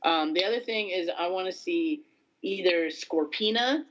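Hesitant co-host on dull lo-fi audio. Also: male voice, sits high, moderate pace, a bit bright. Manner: hesitant, full of "like" and "um". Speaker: podcast co-host. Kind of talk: casual chat.

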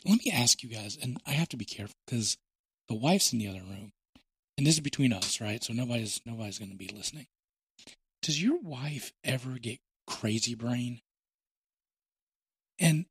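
A man hosting a podcast, telling stories in a joking, animated way. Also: medium pitch, husky, dry recording. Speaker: podcast host. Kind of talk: casual chat.

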